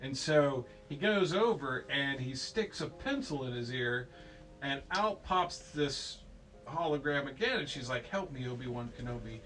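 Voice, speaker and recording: A man's voice: mid-range voice, animated, a little slow, a bit bright, faint music behind, low-quality recording. A man casually retelling a film story to a child at home, playful and rambling, slipping into goofy voices.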